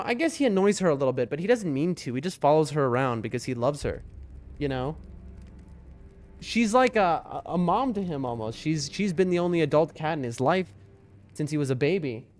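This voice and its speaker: A man's voice: sing-song, a little fast. A man streaming a game live, chatting casually and rambling to his viewers. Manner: chatty and rambling, talks to his chat, soft high voice when talking to his cats. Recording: faint music behind the voice.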